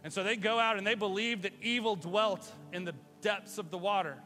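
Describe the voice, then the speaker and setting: Man, pastor, livestream sermon, high voice, lively delivery, loud-to-hushed swings. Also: fairly quick, soft background music. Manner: animated, conversational preaching with dramatic swings from loud to hushed.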